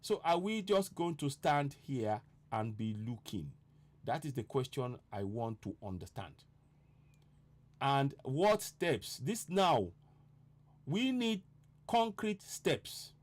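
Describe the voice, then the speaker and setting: A man's voice: medium pitch, expressive, slow pace. A man giving an impassioned political broadcast, urgent, repeating rhetorical questions. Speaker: online broadcaster.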